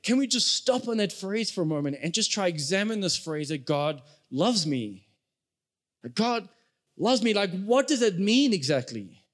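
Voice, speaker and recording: A young adult man, a pastor, preaching a sermon in a conversational way and speaking straight to the congregation. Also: high voice.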